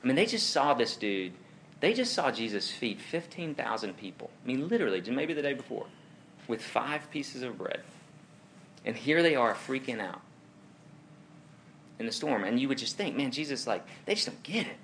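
Young male pastor, casual sermon delivery, chuckles through stories, crisp bright tone. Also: medium pitch, moderate pace, long pauses, a little hiss or hum. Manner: animated, chuckling, storytelling asides. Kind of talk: conversational sermon.

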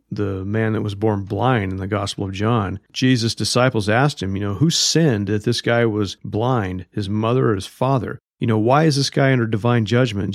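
Blunt, low-voiced male Bible teacher. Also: darkish tone, dry recording, clean studio sound. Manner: conversational and blunt, reads scripture aloud.

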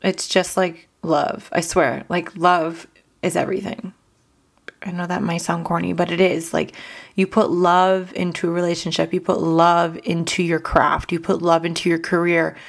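A woman's voice: lowish voice, flat delivery, moderate pace, creaky. Earnest young woman, tearful podcast talk. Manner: earnest and emotional, heavy use of "like" and "you know". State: voice cracking from crying. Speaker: podcast host. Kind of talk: casual solo podcast talk.

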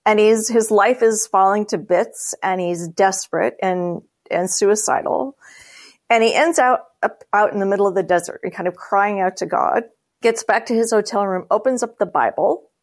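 A woman speaking as a guest, telling a long story with lively voiced quotes and light laughter. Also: medium pitch. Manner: animated, acts out quoted voices. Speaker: guest speaker, church leader. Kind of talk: storytelling conversation.

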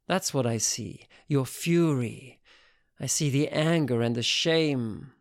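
Casting: a man doing a hard-bitten, profane woman lover, slow, measured delivery, dry close sound. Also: on the high side, dry recording. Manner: blunt, profane, slow and intense.

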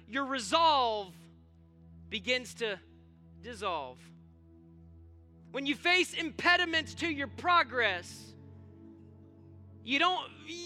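A male pastor preaching a sermon, speaking to the congregation conversationally before pushing into emphatic points. His voice is very high and strikingly bright.

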